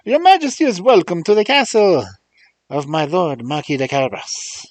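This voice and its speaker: A man voicing a sly, clever male cat with a Spanish accent and a smooth, flattering manner. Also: sits high, normal speed, no echo, voice pushed up.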